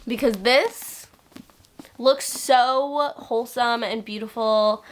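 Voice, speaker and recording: A young woman talking casually in a reading vlog, gushing and excitable as she chats about the books she is reading. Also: medium pitch, background noise. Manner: gushing, animated, quick bursts of excitement. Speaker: book vlogger.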